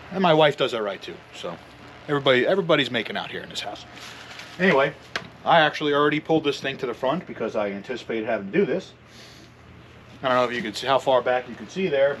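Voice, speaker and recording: A man's voice: medium pitch, fairly bright tone. A man in his thirties talks through a casual garage vlog on the camera mic, rambling and poking fun at himself. He sounds a little winded, with a faint hiss of noise behind him. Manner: joking, self-mocking, rambling. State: out of breath. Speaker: channel host. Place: home garage and shed.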